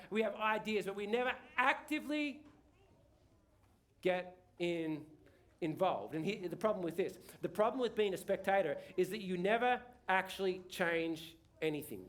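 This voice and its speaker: A middle-aged man, preaching a casual sermon, chatty and rambling, with many restarts and tag questions. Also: high voice. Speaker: pastor. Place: church hall.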